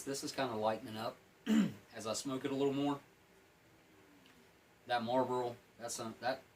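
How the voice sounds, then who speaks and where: This man's voice sits fairly low, and the poor recording carries a little hiss or hum. He's plain-spoken, rambling through a casual review of an MRE while he eats and smokes, sometimes with his mouth full.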